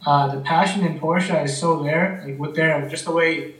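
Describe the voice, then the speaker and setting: A man in relaxed conversation, talking in a laid-back way, often calling his friend "man" and telling stories with energy. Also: a little high, normal speed, recorded from a distance. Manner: laid-back, says "man" a lot, animated storytelling. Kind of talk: casual chat. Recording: roomy, off-mic.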